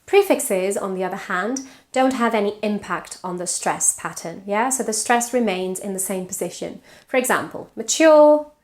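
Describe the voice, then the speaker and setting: A woman from Spain with a Spanish accent, coaching English pronunciation in an online lesson, reading out word pairs and checking in with the learner. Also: mid-range voice. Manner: explains patiently, checks in with "yeah?" and "right?", reads word pairs slowly.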